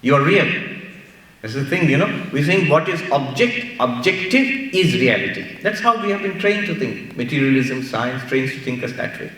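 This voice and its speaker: Indian guy giving a sermon, higher voice, big hall echo, mic kinda far. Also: normal speed. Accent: Indian English. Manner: animated storytelling with playful asides. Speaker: monk giving a spiritual talk. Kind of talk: sermon-style lecture. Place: large hall.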